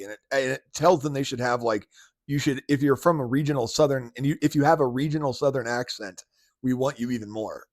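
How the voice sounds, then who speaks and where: A man's voice: mid-range voice, fast, no echo, studio quality. A man hosting a podcast, reacting to clips in casual, slangy talk with frequent laughs. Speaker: podcast host. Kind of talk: casual commentary.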